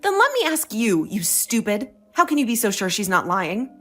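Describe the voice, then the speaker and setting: A woman's voice: medium pitch, very animated, normal speed, fairly bright tone, faint music behind. A woman voicing a young wife who stands her ground, talking in an indignant, sarcastic way. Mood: indignant, defiant. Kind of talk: dramatized story dialogue.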